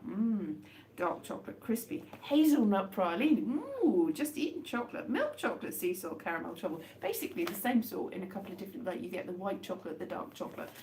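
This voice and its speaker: A woman chatting casually on a live stream as she eats chocolates, rambling with wry, deadpan jokes. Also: medium pitch, a little hiss or hum. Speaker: livestream host. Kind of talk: casual live chat while eating chocolates.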